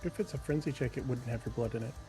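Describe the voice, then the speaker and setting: A man's voice: mid-range voice, fast talker, mellow, soft background music. A man playing a tabletop role-playing game who patiently explains the dice rules to the others. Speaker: player. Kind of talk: casual tabletop play.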